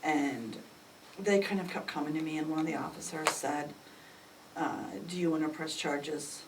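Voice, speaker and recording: Middle-aged mother, storytelling interview, animated, voice leaps high when quoting, recorded from a distance with light room noise. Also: moderate pace. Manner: animated, acts out quoted dialogue with sudden jumps in pitch. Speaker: mother recounting a family crisis. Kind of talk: emotional personal storytelling. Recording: distant mic with faint ambient noise.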